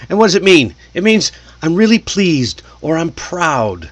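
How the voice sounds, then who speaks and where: A man's voice: fairly high pitch, very animated, normal speed, no echo. An American man teaching English idioms in a chatty, casual way, often asking the listener questions. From United States.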